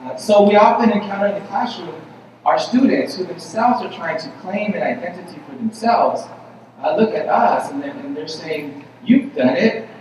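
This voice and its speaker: A man's voice: high-pitched, moderate pace, darkish tone, slight background noise. A man giving a conversational conference keynote to an audience, with many fillers and repeated phrases. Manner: conversational, repetitive, with frequent fillers. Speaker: keynote speaker. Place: large convention hall. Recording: echoey hall, mic from a distance.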